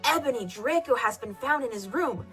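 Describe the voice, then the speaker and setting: A woman's voice: fairly high pitch, lively intonation, moderate pace, over loud music, natural voice. A woman doing a grave old wizard headmaster.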